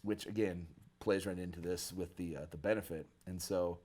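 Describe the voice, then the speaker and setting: Deep-voiced guy from michigan, laid back storyteller, slangy, acts out other people's lines. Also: normal speed. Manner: animated, acts out quoted people with a raised voice, casual slang. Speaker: guest musician, bass player. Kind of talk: casual storytelling in an interview.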